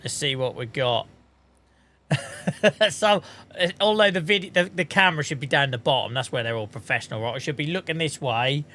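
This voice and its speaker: Chatty streamer man, bright tone. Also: mid-range voice, brisk. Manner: chatty, self-mocking, swears casually. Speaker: game streamer. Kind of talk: casual livestream chat.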